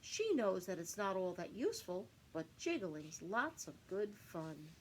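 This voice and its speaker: Animated woman reading a picture book to kids. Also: medium pitch, unhurried, a little hiss or hum, poor audio. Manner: animated, singsong storytelling. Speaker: teacher.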